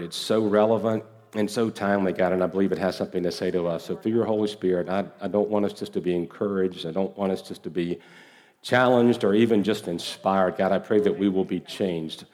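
A man preaching a sermon as pastor, earnest and emphatic, with slow deliberate pauses and repeated phrases. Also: low-pitched, fairly even intonation, a little mellow. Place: church sanctuary.

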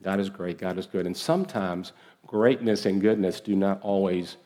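A man preaching a sermon as pastor, earnest and emphatic, with slow deliberate pauses and repeated phrases. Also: low voice, dark tone. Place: church sanctuary.

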